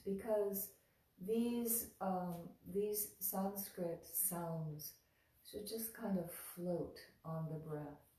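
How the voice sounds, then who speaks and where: Calm, lowish woman teacher; unhurried delivery, chants drawn out; echoey room, mic at a distance. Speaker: mantra teacher. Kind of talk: spoken teaching with slow chanting.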